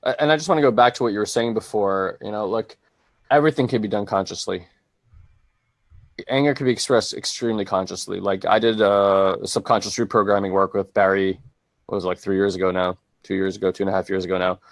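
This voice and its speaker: A man's voice: on the low side, fairly even intonation, fast, dry recording. A man co-hosting a casual coaching podcast, talking in a reflective, searching way with frequent restarts and fillers. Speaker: co-host and transformation coach.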